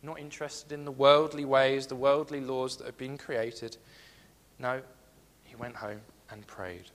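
A man's voice: medium pitch, steady tone, measured pace, fairly bright tone, in a large hall. A man giving a sermon, earnest and repeating his key phrases as he reads scripture aloud. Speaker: preacher.

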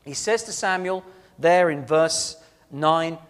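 A man preaching a sermon, telling personal stories with earnest emphasis that swings from loud to soft. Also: fairly high pitch, takes it slowly, clear, resonant tone, long reverb tail.

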